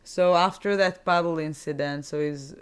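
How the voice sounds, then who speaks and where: A woman's voice: sits low, fairly even intonation, moderate pace, clear, resonant tone. A woman co-hosting a casual movie recap podcast. She chats freely, retells scenes and sometimes stops to search for the right English word. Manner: searches for English words, asks how to say them; chatty, retells scenes with laughs. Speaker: podcast co-host.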